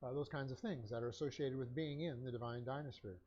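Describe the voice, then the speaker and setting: A man's voice: medium pitch, fairly even intonation, fast talker, darkish tone, dull audio. A man teaching a Bible class, dictating notes with punctuation and many hesitant fillers.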